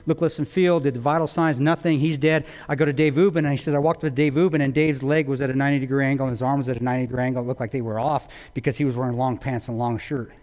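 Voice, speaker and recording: A man's voice: medium pitch, steady tone, very fast, hardly any pauses, darkish tone. A man giving a public talk, retelling a story intensely with quoted dialogue. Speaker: guest speaker. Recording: long reverb of a large hall.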